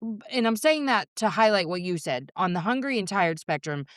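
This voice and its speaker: A woman therapist hosting a podcast in casual conversation, frank and profane, animated as she acts out her own inner voice. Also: mid-range voice, fairly quick, no room sound, studio quality.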